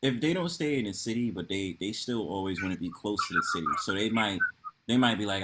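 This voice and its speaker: A man with a New York accent hosting a loose, slangy online panel chat, quick to agree and laugh. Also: low-pitched, a bit bright. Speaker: host.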